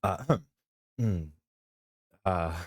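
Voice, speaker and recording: With a deep voice that is animated yet very slow, this young vtuber streamer chats casually and playfully, and the audio has no room sound. Laughter comes easily to him, and he often breaks up mid-sentence. Part of the clip is a playfully grandiose self-introduction.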